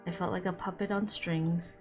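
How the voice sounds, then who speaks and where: A woman streaming a visual novel, reading its narration aloud and breaking off for quick reactions, with music under her voice. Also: fairly low pitch, fairly even intonation. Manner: reads narration with quick asides. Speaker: game streamer.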